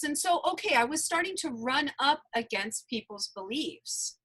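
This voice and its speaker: A woman's voice: high voice, expressive, moderate pace, hardly any pauses, pushed and bright, poor audio. A woman guest in an interview, telling her personal story earnestly and emphatically, often repeating phrases. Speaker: interview guest, energy healer.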